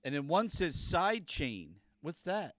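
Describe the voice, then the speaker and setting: A man's voice: a little high, very animated, slow pace, fairly bright tone, no echo. A man hosting a podcast in casual chat, bewildered and stammering as he tries out buttons. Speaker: podcast host.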